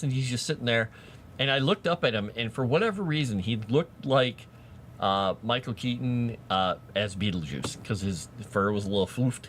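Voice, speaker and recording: A man chatting casually with his live-stream audience while writing fantasy lore, animated and quick to laugh. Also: on the low side, slight background noise. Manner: animated, chatty, laughs often, talks to chat.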